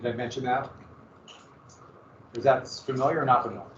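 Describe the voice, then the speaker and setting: A male history teacher giving a classroom lecture, telling events as a vivid, dramatic story with sudden loud bursts. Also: mid-range voice, a little fast, recorded from a distance, slight background noise. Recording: echoey, dull classroom recording from afar.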